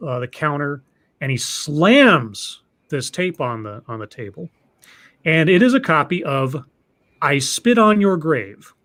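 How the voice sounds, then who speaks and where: A man with a somewhat high voice tells a long story in a loose, casual way. He doubles back on his words, restarting phrases as he goes. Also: a bit bright. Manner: rambling, with many restarts and repeated words. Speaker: podcast host telling a story.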